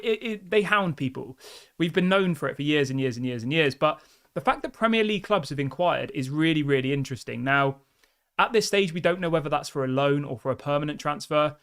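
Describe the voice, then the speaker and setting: A man hosting a live football show in a slightly high voice. His talk is chatty and direct, and he turns to his viewers again and again to ask what they think. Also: animated, a little fast, a bit bright, smooth. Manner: chatty and direct, often asks viewers for opinions. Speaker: football fan channel host. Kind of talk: live-stream commentary to viewers.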